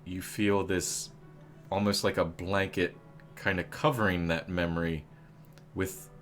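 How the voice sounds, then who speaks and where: A man's voice: sits low, flat delivery, a little slow, a bit bright, faint music behind. A man narrating as game master in a tabletop game, rambling with many fillers and jokey asides.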